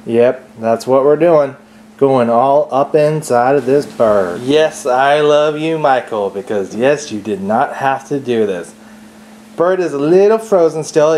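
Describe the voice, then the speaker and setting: A man's voice: medium pitch, warm tone, slight background noise. A man filming himself cooking a holiday turkey in his home kitchen, chatty and joking, laughing often. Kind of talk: casual cooking vlog.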